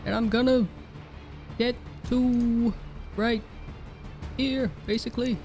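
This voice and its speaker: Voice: mid-range voice, steady tone, slow, a little mellow, faint music behind. A player in a tabletop game, planning moves aloud in a plain way. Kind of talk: casual tabletop play.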